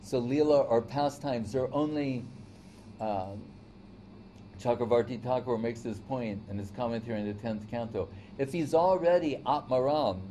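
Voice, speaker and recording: A man's voice: mid-range voice, dark tone, slight background noise. A man teaching a devotional lecture in a conversational storytelling way, often checking in with "right?". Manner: storytelling, acts out quoted voices. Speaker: spiritual teacher.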